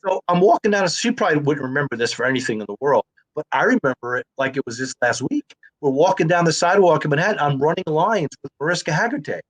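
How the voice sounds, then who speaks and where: A man tells stories in a relaxed, chatty way, jumping into quoted dialogue with lively energy. His voice sits a little higher than most men's. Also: fast, hardly any pauses. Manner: animated storyteller who acts out quoted dialogue. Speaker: actor and comedian guest. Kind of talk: casual storytelling in conversation.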